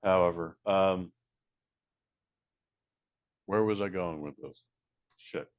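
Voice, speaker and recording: A man co-hosting a podcast, reviewing a film in casual chat, animated and profane, acting out quotes. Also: deep voice, slow, lo-fi sound.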